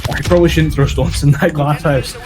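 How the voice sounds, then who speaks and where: A man's voice: a little high, steady tone, a little fast. A man co-hosting a casual chat about games and tech, with dry, sardonic humor and some swearing. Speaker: podcast co-host. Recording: gaming audio noise behind. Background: clicks and gunfire from a game.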